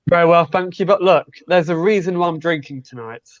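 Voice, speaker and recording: A man's voice: fairly high pitch, a little fast, no echo, dull audio. A man calling into a fan show, heatedly giving his opinion and stumbling over his words because he is so mad. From lives in Cornwall. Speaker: caller. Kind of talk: heated football phone-in opinion.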